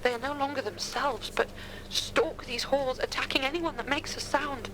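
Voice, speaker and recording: An actress voicing a frightened young woman hiding in an attic in a game, with a British accent and hushed, pleading, old-fashioned speech. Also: high-pitched, normal speed, background noise, close to an everyday voice.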